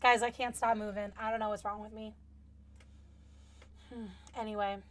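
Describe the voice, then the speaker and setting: A woman's voice: mid-range voice, flat delivery, moderate pace. A young woman co-hosting a casual youth group live stream from home, chatty, playful and often apologetic. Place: home with small children.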